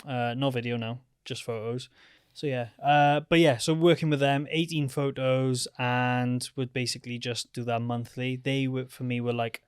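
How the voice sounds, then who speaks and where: A young man talking casually on a podcast, rambling and filling gaps with "um" and "like." His voice is smooth and clear, recorded close and dry with no room sound. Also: mid-range voice, little pitch movement, moderate pace, few pauses, dry recording. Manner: chatty, rambling with fillers. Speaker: podcast guest, freelance photographer. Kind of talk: casual chat.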